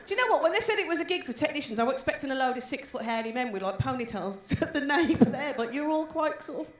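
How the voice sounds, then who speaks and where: A woman's voice: sits high, lively intonation, fast talker. A woman in her forties with a West Midlands accent doing brash, swearing stand-up and teasing the crowd. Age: 40s. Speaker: stand-up comedian. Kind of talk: live stand-up with crowd work. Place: comedy gig venue. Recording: echoey live room with background noise.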